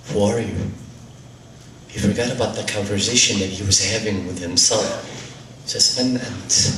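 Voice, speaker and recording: A man's voice: lowish voice, fairly bright tone, slight background noise. A man giving a dramatic storytelling sermon, narrating in the first person and reciting Arabic supplications with mounting intensity. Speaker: lecturer. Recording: roomy hall, distant mic, faint ambience.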